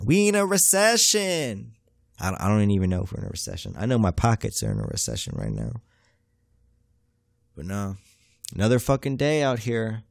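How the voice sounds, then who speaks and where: A man's voice: on the low side, darkish tone, no room sound, studio quality. A young man, rambling through a profane, self-mocking comedic monologue as a podcast host.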